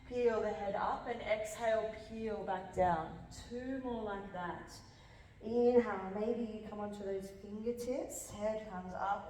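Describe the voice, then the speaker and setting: A woman leading a power yoga class, calmly cueing breaths and counting down holds while slightly out of breath as she moves along. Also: medium pitch, far from the mic, a little hiss or hum. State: a little out of breath. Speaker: yoga instructor. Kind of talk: guided yoga class cues. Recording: echoey hall from off-mic.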